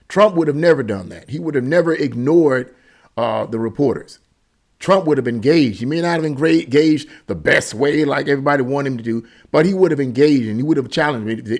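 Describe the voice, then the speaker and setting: A man's voice: mid-range voice, a little mellow. A man hosting a political commentary channel, talking in an emphatic, indignant way and often repeating himself for stress.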